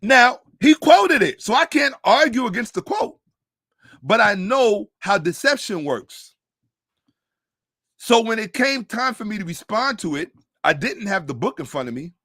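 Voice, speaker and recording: Middle-aged male host, high pitch, emphatic storyteller, dry close sound. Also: very animated, sharp tone, dry recording. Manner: emphatic, drawn-out stresses, storytelling. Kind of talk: casual monologue commentary.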